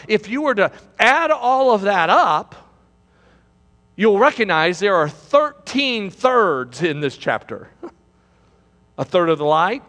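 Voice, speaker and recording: A man preaching a sermon from a pulpit. He swings between loud, high exclamations and low, quiet passages, and he repeats phrases. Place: church sanctuary. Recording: long hall reverb.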